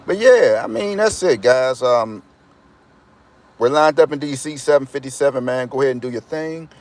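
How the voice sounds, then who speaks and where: A man's voice: mid-range voice, normal speed, darkish tone. Rambling D.C. man chatting to viewers. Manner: rambling, talks straight to viewers with slang. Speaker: lottery tips vlogger. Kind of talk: casual chat to viewers.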